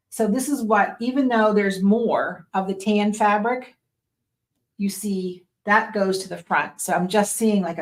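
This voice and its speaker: A woman who teaches sewing, explaining each step in a casual tutorial at her machine and checking in with "right?" and "okay?". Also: mid-range voice. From Western Pennsylvania. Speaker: sewing instructor.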